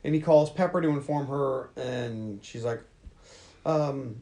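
A man hosting a podcast, recapping a film in casual chat with a profane, animated storytelling manner. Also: medium pitch, unhurried. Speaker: podcast host.

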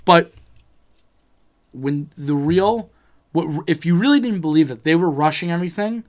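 A man in casual chat about a TV series, animated and swearing heavily as he acts out his own reactions. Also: a little high, moderate pace.

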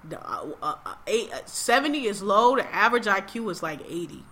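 A woman's voice: medium pitch, very animated, a little fast, bright, forceful tone, slight background noise. A woman telling a story in casual chat, acting out quotes, swearing freely and laughing often.

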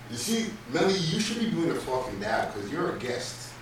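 A man's voice: fairly high pitch, sing-song, moderate pace, a little hiss or hum. Man, podcast host, laid-back, swearing, echoey room, distant from the mic. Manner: laid-back, profane, rambling. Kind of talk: casual chat. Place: room, streamed live on a phone.

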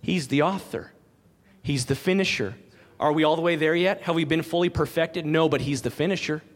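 High-voiced preacher in a reverberant hall. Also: male voice, brisk. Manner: earnest, emphatic preaching with repeated phrases. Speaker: pastor. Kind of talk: sermon.

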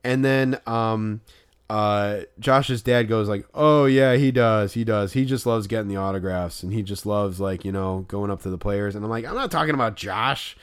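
A man co-hosting a casual podcast, telling a story full of "like" and loudly acting out what people said. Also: on the low side, normal speed, smooth. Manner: animated retelling with loud acted-out quotes and filler "like". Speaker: podcast co-host.

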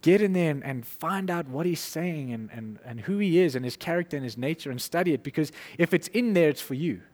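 A man preaching an informal sermon, conversational and animated, acting out little quotes and laughing as he goes. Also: a little high, brisk, in a large hall.

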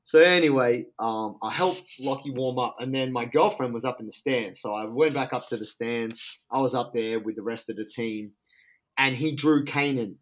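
An excitable Australian man telling a story in casual, slangy talk. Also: medium pitch, normal speed.

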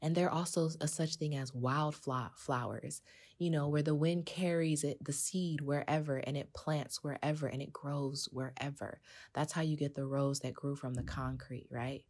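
A woman's voice: low voice, moderate pace. A woman hosting a podcast, talking casually and with animation to her listeners. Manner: animated, conversational, addresses listeners as sis. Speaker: podcast host.

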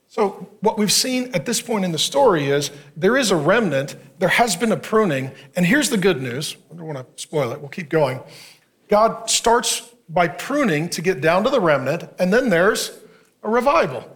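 Male pastor, high-ish voice, sermon delivery with a sarcastic comic streak. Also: a bit bright. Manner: humorous, sarcastic preaching with quick asides.

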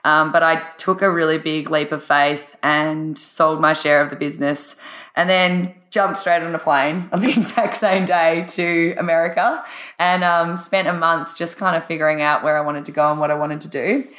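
A husky-voiced woman, a guest on a podcast, talking with enthusiasm and laughing often. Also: low voice, fairly even intonation, normal speed, a bit bright, roomy sound. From Australia. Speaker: podcast guest, life coach. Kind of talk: casual interview chat.

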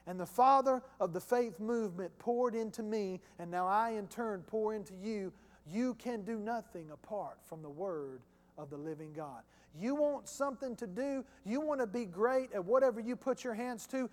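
A man's voice: high voice, big-room sound. A male pastor preaching a sermon in a church, emphatic and repetitive, talking to the congregation in a conversational way.

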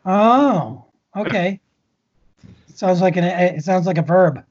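Husky high-voiced man cracking jokes. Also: lively intonation, darkish tone, dull audio. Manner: jokey, quick quips. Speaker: podcast co-host. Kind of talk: casual chat.

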